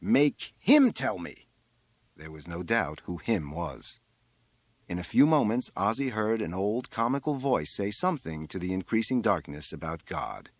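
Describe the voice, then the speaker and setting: Brief: male audiobook reader, low voice with a wide, dramatic pitch range, dry studio sound. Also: moderate pace, no room sound. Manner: expressive, dramatic phrasing. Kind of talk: literary audiobook narration.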